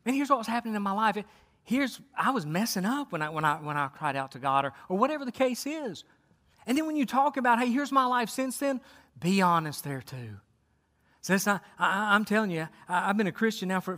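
A man's voice: high-pitched, bright, forceful tone. Fervent preacher man in a reverberant hall. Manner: fervent, repeats words, addresses congregation directly. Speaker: pastor. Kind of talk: sermon. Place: church sanctuary. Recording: long reverb of a large hall.

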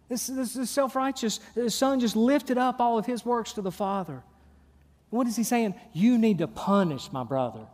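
A middle-aged man preaching a sermon as a pastor, emphatic and animated, with stumbling repeats and rhetorical questions. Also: sits high, normal speed, big-room sound.

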